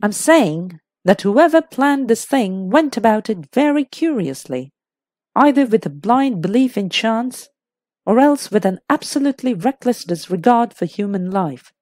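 A woman's voice: on the high side, animated, a little slow, a little mellow, dry recording, clean studio sound. A woman voicing a diffident, careful doctor. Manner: diffident, explanatory. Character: diffident, careful middle-aged male doctor.

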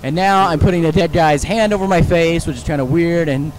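High-voiced man yelling crude gameplay commentary. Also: fairly quick, few pauses, slight background noise. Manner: crude, profane, joking rambles; bursts into loud mock-patriotic yelling. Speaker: let's play gamer. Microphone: personal computer mic.

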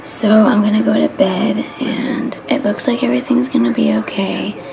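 A woman's voice: a little high, steady tone, normal speed, vocal fry, music in the background, low-quality recording. A young woman hair stylist rambling through a casual vlog at home. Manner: rambling, chatty, slips into whispers.

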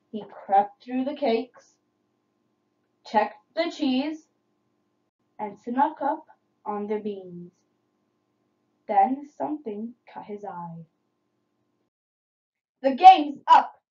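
A woman reading children's picture books aloud in an expressive, dramatic way, in a dull lo-fi recording. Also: on the high side, slow pace, long pauses. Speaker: storybook reader.

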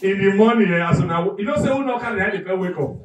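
A man with a Nigerian accent doing live stand-up comedy, animated and loud, acting out characters and shouting punchlines. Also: high-pitched, rapid-fire, echoey room, recorded from a distance, a little hiss or hum, low-quality recording. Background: audience.

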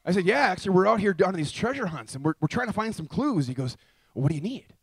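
A man telling a testimony story in a lively way, acting out both sides of the conversations he describes. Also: high voice, fast, breathy edge, no echo.

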